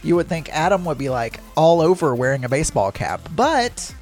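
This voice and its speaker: A middle-aged man hosts a daily solo podcast, talking in a loose, rambling, chatty way. His pitch swings widely as he goes, and he pokes fun at himself. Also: very animated, moderate pace, a little mellow, soft background music. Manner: rambling, chatty, self-deprecating. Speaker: podcast host. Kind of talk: casual solo chat.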